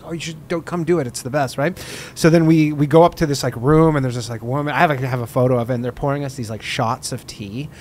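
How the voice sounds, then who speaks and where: Animated man telling a wild story. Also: on the high side, slight background noise. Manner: animated storyteller, swears, laughs through punchlines. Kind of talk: casual chat.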